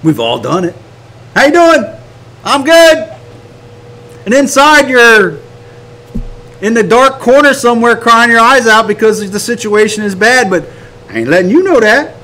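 An American man teaching a Bible study on prayer, animated and emphatic, full of rhetorical questions. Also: very high-pitched, moderate pace. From United States.

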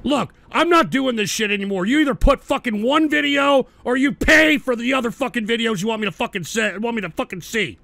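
A man's voice: very high voice, lively intonation, a little fast, gravelly, hardly any pauses, sharp tone, no room sound. A man hosting a livestream who reacts to viewer clips with crude, exasperated, profanity-heavy commentary. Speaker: livestream talk show host. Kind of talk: crude casual stream commentary.

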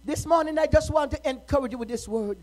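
A middle-aged woman minister preaching a sermon, moving from quiet, personal talk to impassioned shouting. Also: high-pitched, fast talker, poor audio.

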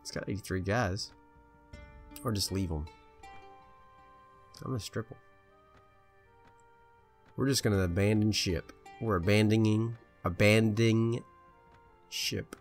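A man casually commentating his own strategy game play, chatty and indecisive, bossing his troops around out loud. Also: on the low side, unhurried, long pauses, faint music behind. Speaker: gameplay video host.

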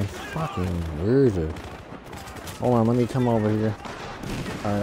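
A man's voice: fairly low pitch, background noise. A man giving live commentary on a shooter game he is playing, frustrated and swearing in exasperated outbursts. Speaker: gaming channel host. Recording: game gunfire behind voice. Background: gunfire and explosions from the game.

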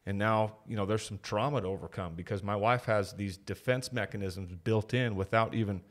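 A man's voice: lowish voice, fairly quick. A man in his thirties, a podcast guest, talking candidly and reflectively about his family in casual conversation. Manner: candid, reflective storytelling with quoted voices.

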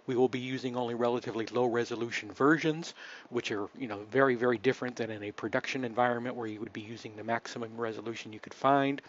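A man hosting a live webcast, talking in a relaxed, chatty way with many fillers and restarts. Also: medium pitch, quick pace, muffled recording. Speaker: host.

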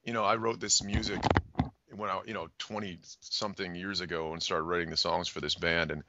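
A man's voice: low-pitched, little pitch movement, fairly quick, bright, forceful tone, dry recording, highs cut off. An American band frontman chatting in an interview, rambling, joking and swearing as he talks. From United States. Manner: profane, rambling and jokey. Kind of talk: casual phone interview.

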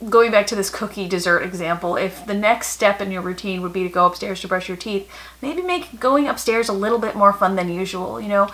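A woman in her thirties talks straight to camera about parenting, calm and matter-of-fact. Her voice is bright and clear at a middling pitch, and it goes soft and gentle whenever she repeats what she tells her children. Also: a little fast, rough recording. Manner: warm, calm and matter-of-fact, softening for quoted lines to children. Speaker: parenting vlogger. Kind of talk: casual advice talk to camera.

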